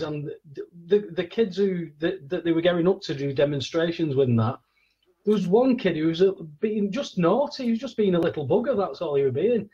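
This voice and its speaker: A man's voice: on the high side, mellow, slightly rough, dull audio. A man hosting a podcast, telling long rambling anecdotes in casual chat and acting out the voices of the people in them. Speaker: podcast host.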